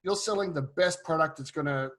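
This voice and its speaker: A man hosting a podcast interview, relaxed and agreeable, often restarting his sentences. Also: a little high, a little fast. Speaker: podcast host.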